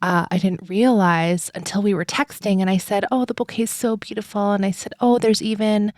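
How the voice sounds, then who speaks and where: A woman podcast host telling a personal story in a rambling, chatty way, full of "like" and "um" and quick laughs. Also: mid-range voice, steady tone, darkish tone, no echo, studio quality.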